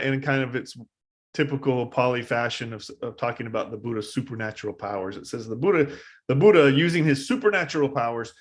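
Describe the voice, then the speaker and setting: A man giving a dharma talk at a live meditation service, telling a story in a casual, halting way with many fillers. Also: medium pitch. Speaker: meditation teacher.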